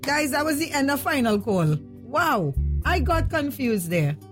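A woman's voice: sits high, big pitch swings, a little slow, over music. A woman hosting a radio show, chatting playfully and teasing her callers. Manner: playful, teasing, laughs easily. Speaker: radio host. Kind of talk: casual radio chat.

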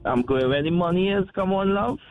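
A man's voice: sits high, a little fast, narrow, tinny audio, faint music behind. Laid-back man on a call. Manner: easygoing, laid-back, loose slang. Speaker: caller. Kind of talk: casual phone-in chat.

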